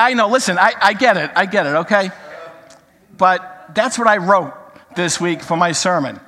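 Older man, pastor, sermon, slightly high voice, storytelling, long hall reverb. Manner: storytelling, jokes then teaching, animated quoting. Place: church sanctuary.

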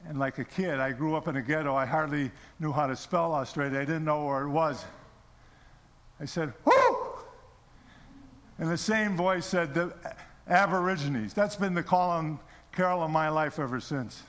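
A man's voice: on the high side, normal speed, fairly bright tone, in a large hall. A middle-aged man preaching a sermon, telling his own story and asking the congregation questions. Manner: storytelling, repeats words, asks the audience questions. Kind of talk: sermon testimony.

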